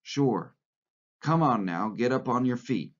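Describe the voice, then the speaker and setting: A man reading the part of a sharp, wary male farmhand who talks curtly and impatiently. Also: medium pitch, animated, slow. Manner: curt, impatient. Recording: lo-fi recording.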